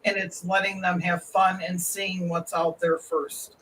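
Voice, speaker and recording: A man's voice: high-pitched, level tone, measured pace, a loud crowd. A man who works as a reptile vendor, telling stories with enthusiasm in a casual chat. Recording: distant mic with faint room noise.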